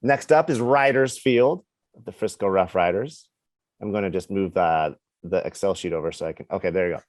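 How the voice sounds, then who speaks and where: A man co-hosting a podcast, chatting in a playful, animated way and reading out a list of nominees. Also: low voice, normal speed, dry recording, clean studio sound. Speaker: podcast co-host. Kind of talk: casual chat.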